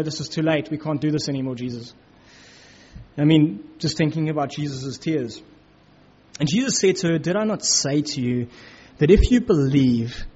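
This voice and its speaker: A man's voice: fairly high pitch, a little mellow, slightly rough. A man giving a conversational Bible teaching, filling his talk with "you know" and acting out the quotes. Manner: informal, many "you know, like" fillers, acts out quotes. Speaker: preacher. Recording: dull lo-fi recording.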